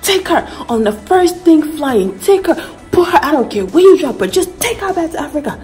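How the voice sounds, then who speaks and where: Woman putting on a shrill, furious adult demanding deportation, high and pushy. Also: very animated, a little fast, dark tone, soft background music. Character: angry adult yelling to deport her.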